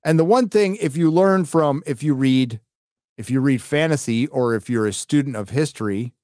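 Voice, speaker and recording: A man's voice: mid-range voice, moderate pace, darkish tone, no room sound, clean studio sound. A middle-aged man hosting a live stream, chatting casually and reading out donations in a rambling, profane way. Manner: rambling, profane, with many fillers.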